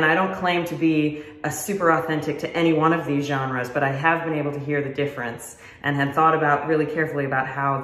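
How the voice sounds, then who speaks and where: A woman's voice: low-pitched, a bit bright. Friendly woman teaching fiddle in a roomy space. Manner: friendly, explanatory, self-deprecating. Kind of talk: casual instructional talk to camera. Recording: roomy echo.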